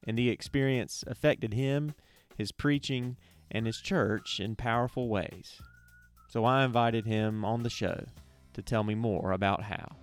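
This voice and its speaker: Male podcast host, Southern accent, hesitant with "uh"s when off script. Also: mid-range voice. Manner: hesitant with many fillers when unscripted. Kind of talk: scripted intro then casual interview.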